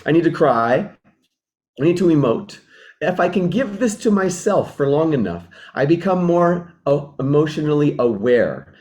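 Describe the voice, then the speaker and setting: A man's voice: on the high side, big pitch swings, moderate pace, darkish tone. A man speaking as a relationship mentor, explaining in an earnest, reflective way and often restating his points. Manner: reflective, repeats and rephrases, acts out sample dialogues. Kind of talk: earnest teaching talk.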